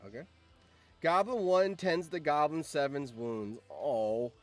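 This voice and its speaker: An excitable male host reacting to a game out loud in casual commentary, his voice sitting a little high. He drops to low mutters, then bursts into shouts, with faint music playing underneath. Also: slow. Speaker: channel host and streamer.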